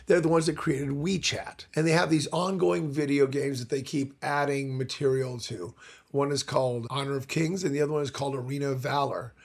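Gravelly husky guy telling stories, animated, a bit high pitched. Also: a little fast. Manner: animated storyteller who slips into voices. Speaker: voice actor guest. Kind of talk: anecdotal interview talk.

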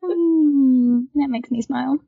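A woman chats casually as a podcast guest. She is lively, laughs often and acts out little quotes, with a fairly high voice. The recording is dull and lo-fi with a dry sound. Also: slow pace, gravelly, no room sound. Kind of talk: casual chat.

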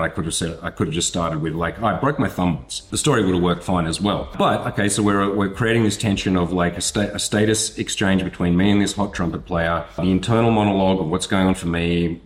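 Low male voice, storytelling coach, casual and profane, acts out characters. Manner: animated, swearing, acts out voices and moments. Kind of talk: teaching storytelling through a personal anecdote.

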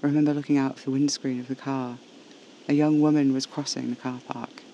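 A man tells a horror story in the first person, hushed and intimate. His voice has a gravelly edge. His pitch barely moves, and faint noise sits under the recording. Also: little pitch movement, brisk, muffled recording. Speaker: narrator.

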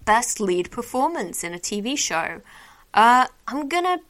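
A woman's voice: on the high side, big pitch swings, a little slow, fairly bright tone. A woman hosting a solo podcast, chatting casually and rambling with lots of fillers as she hands out her own awards. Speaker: podcast host.

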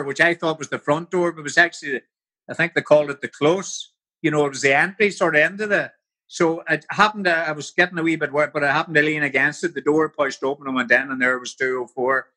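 A man's voice: a little high, fairly quick, bright, forceful tone. An older man with a Northern Irish accent, telling stories as an interview guest, rambling and full of "you know". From Northern Ireland. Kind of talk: casual storytelling.

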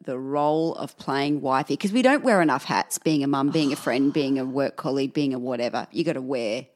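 A woman's voice: very deep voice, brisk. A woman with an Australian accent co-hosting a podcast about motherhood, chatting casually and telling stories with quoted voices. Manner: chatty storyteller, acting out quotes. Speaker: podcast co-host. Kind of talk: casual chat.

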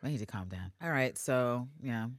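A woman's voice: extremely low pitch, expressive, normal speed, dry recording, studio quality. A woman co-hosting a podcast in a casual, sarcastic chat, swearing freely and talking brashly. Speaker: podcast co-host.

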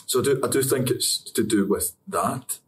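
A man's voice: medium pitch, normal speed. A young Scottish man answering interview questions about acting, chatty and rambling, often laughing. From Scotland. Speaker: actor interviewee. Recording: distant mic with faint ambience.

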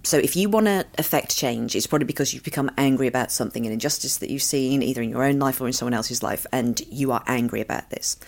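A middle-aged woman, a podcast guest in casual conversation, animated and acting out voices in her stories. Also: rumbling low, fast, hardly any pauses. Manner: animated, acts out voices in anecdotes.

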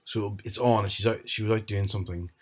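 A husky, fairly low-voiced man. He chats casually and rambles through family stories, acting out what his relatives said. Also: steady tone, fast talker. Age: 30s. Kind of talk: casual chat.

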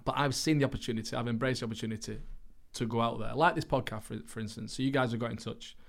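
A man's voice: mid-range voice, fast, gravelly. A man talking as a podcast guest in a casual interview, earnest and rambling, often restarting his sentences. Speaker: podcast guest, actor and racing driver.

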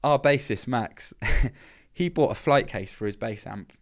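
A man, a festival founder and firefighter, telling animated, self-mocking stories with frequent laughs as a podcast guest. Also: mid-range voice, measured pace. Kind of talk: casual storytelling interview.

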